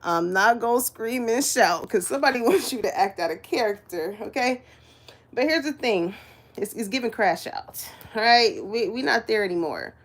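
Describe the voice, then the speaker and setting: A woman's voice: fairly high pitch, expressive, moderate pace. A woman giving a casual, chatty spiritual reading to her viewers, laughing often and swearing freely. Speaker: spiritual reader.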